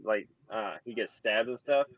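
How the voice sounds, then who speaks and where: A man's voice: on the low side, moderate pace, slightly rough. A man in casual gaming chat, making laid-back, dry remarks. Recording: dull lo-fi mic.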